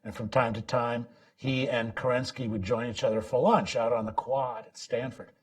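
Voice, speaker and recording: A man giving a public talk about his book, halting with many restarts and sudden bursts of emphasis. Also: mid-range voice, fairly even intonation, distant mic. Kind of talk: public lecture. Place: lecture event.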